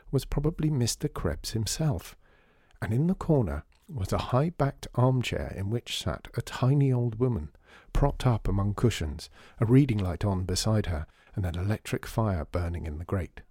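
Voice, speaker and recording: Expressive male audiobook narrator. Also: lowish voice, gravelly, breathy edge, no echo, clean studio sound. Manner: expressive storytelling.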